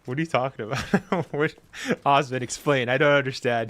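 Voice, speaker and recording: A young man streaming a game, excitable and laughing often as he talks to the characters on screen and reacts to chat. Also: medium pitch, fairly quick. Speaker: gaming streamer. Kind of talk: casual live-stream commentary. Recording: clear background noise.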